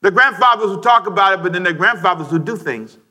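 A middle-aged man preaching a sermon to a congregation, lively and joking, rising to shouts. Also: high-pitched, fast. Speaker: pastor. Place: church sanctuary before a congregation.

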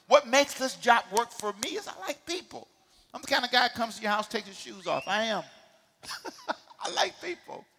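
Middle-aged male pastor with a high, very bright voice; emphatic call-and-response sermon. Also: in a large hall. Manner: emphatic call-and-response preaching, swings from quiet asides to shouting. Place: church sanctuary.

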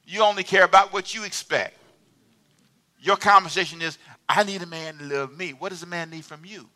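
A man preaching in a church, with an animated, chatty delivery full of calls for amens. His voice sits a little high and sounds very bright and sharp. He moves easily between talk and preaching. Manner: animated, conversational preaching with call-and-response. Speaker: pastor. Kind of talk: sermon. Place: church sanctuary.

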